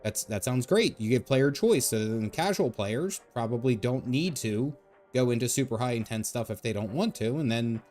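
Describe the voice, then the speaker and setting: A man's voice: mid-range voice, lively intonation, moderate pace, darkish tone, soft background music. A man streaming a game, chatting casually and rambling as he answers his chat. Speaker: gaming streamer. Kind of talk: casual live-stream chat while gaming.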